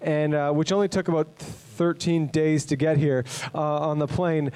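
A male guest preacher from Canada, in his thirties, talks to the congregation in a loose, chatty way. He rambles and makes fun of himself, with plenty of fillers. His voice sits a little high. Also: level tone, normal speed, a little mellow, clear, resonant tone. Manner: chatty, self-deprecating, rambling with many fillers. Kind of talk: casual sermon introduction.

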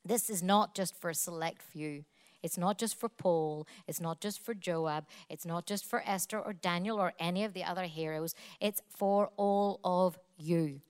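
A woman's voice: lowish voice, moderate pace, clear, resonant tone. A woman preaching a sermon, emphatic and repetitive, building her points in long spoken lists.

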